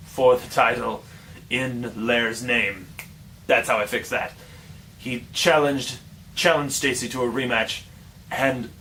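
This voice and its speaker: A man's voice: medium pitch, a bit bright. A man telling an improvised tall tale in a playful, rambling way, correcting himself as he goes. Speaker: storyteller. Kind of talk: improvised storytelling. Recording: distant mic with faint ambient noise.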